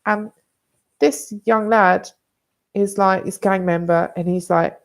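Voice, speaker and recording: Gravelly British woman telling a story. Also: mid-range voice, measured pace. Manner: candid, blunt and rambling, swearing freely. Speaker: vlogger. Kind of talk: casual personal storytelling.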